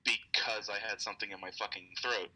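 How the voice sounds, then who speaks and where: A man's voice: fairly low pitch, fairly even intonation, brisk, pushed and bright, no room sound, low-quality recording. A young man co-hosting a casual podcast, teasing and cracking sarcastic jokes as the group's game master. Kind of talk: casual chat.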